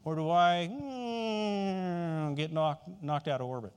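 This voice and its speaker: A man's voice: a little high, normal speed, smooth. A man preaching a sermon in a conversational way, often asking the listeners questions.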